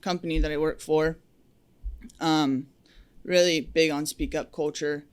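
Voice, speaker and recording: A woman's voice: low voice, steady tone, a little slow, clear, resonant tone. Outspoken young woman lineman. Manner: candid, outspoken, with frequent fillers and laughs. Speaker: powerline lineman guest. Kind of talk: casual podcast interview.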